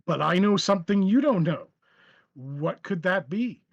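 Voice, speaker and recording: A man's voice: high voice, expressive, unhurried, vocal fry, no room sound, heavily acted. A menacing male clown villain with a gleeful, taunting manner, as a man acts him out in a tabletop game. He coaxes in a raised, sing-song voice, mock-soothing and sinister. The recording sounds slightly muffled. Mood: smug.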